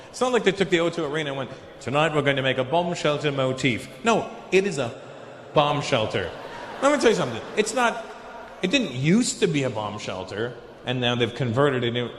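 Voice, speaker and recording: Male stand-up comic, animated storyteller, acts out dialogue, swears, slightly high voice, echoey arena. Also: a little hiss or hum. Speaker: stand-up comedian. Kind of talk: stand-up comedy performance. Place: large arena stage.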